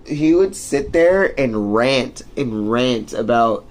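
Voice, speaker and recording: A man's voice: mid-range voice, animated, takes it slowly, slight background noise. Rambling, swearing young man. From United States. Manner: rambling, profane, full of fillers. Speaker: streamer. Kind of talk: casual storytelling rant.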